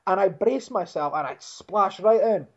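High-voiced man telling a sweary story. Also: moderate pace. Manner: expletive-heavy, animated storytelling. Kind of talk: casual anecdote. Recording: dull lo-fi sound.

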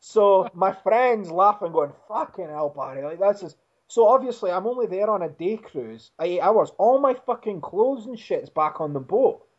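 A man telling a long personal anecdote in casual chat, swearing freely and talking with lively energy. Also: sits high, normal speed, hardly any pauses. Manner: expletive-heavy, animated storytelling. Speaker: storyteller. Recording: dull lo-fi sound.

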